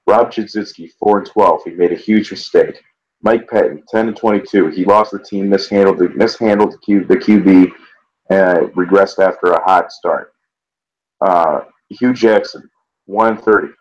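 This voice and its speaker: Low-voiced man in casual sports banter. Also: moderate pace, highs cut off. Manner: animated storyteller, swears, stammers on restarts. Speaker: podcast co-host.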